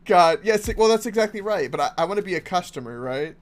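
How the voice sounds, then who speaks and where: A man's voice: high-pitched, expressive, fast talker. A man streaming a game, chatting casually and rambling with lots of restarts and laughs. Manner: rambling, full of likes and restarts, laughs often. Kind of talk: casual live-stream chat while gaming.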